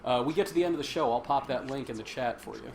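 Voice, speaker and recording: A man's voice: mid-range voice, very fast, a little mellow. A man hosting a casual game stream, joking and laughing as he plays and comments. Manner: joking, chatty, laughs often. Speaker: stream host. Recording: faint game noise behind. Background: game sound.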